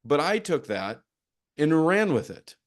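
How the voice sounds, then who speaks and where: Animated man telling coaching stories. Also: on the high side, unhurried. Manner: animated storytelling with acted-out quotes. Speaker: performance psychology coach. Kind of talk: conference session talk.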